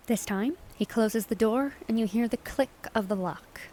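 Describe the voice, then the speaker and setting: A woman's voice: a little high, normal speed, few pauses, warm tone. Young woman streamer, Philly accent, chatty, giggly, reads game text aloud. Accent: Philadelphia. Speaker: streamer playing a story game. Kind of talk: casual game playthrough narration.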